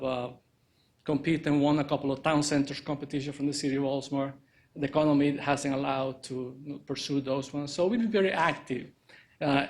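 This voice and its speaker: A man presenting an architecture project at a press conference, speaking haltingly with many fillers. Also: medium pitch. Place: indoor press conference room.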